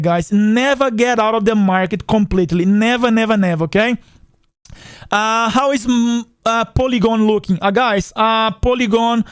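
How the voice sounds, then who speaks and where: High-voiced non-native English-speaking man. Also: clean tone, dry recording, clean studio sound. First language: not English. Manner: chatty, repetitive, addresses viewers as guys. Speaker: finance channel host. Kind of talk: casual livestream chat reading comments.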